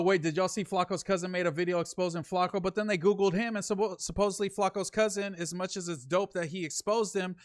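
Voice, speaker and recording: A man's voice: high voice, fairly bright tone, no room sound, studio quality. Slangy young man reading stream chat. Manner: loose, slangy, reads super chats aloud and answers them. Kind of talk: casual livestream chat.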